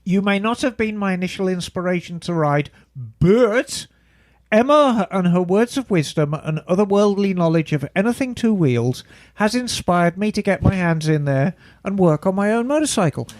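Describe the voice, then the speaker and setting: A man's voice: high voice, lively intonation, normal speed, darkish tone, no echo, studio quality. A man co-hosting a podcast, reading a listener's email aloud in a casual, playful way with joking asides. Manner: playful, breaks into mock British asides while reading. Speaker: podcast co-host.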